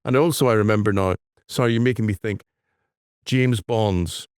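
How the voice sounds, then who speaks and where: A man with a fairly low voice co-hosts a podcast, recorded dry and close. He talks casually and tells anecdotes, slipping into the voices of the people in his stories. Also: moderate pace, a little mellow, clean tone, no echo. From Ireland. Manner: storytelling, acts out quoted voices. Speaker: podcast co-host. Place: London.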